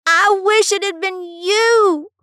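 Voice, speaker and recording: Woman as anguished young boy: high, strained, drawn-out yells. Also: fairly even intonation, no echo, studio quality, full character voice. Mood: anguished rage. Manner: screaming, slow and strained. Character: grieving furious young boy.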